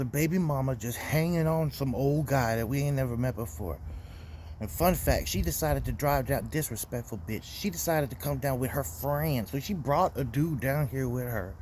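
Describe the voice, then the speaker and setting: A man's voice: mid-range voice, a little mellow, slight background noise. A young man telling a weekend story as host, casual and profane, heated as he talks. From Florida. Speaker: podcast host.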